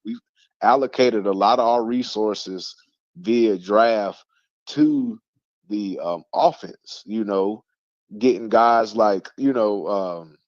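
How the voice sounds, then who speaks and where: A man's voice: fairly low pitch, a little mellow, no echo. A man hosting a casual sports talk show, rambling with lots of fillers and restarts. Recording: dull lo-fi stream audio.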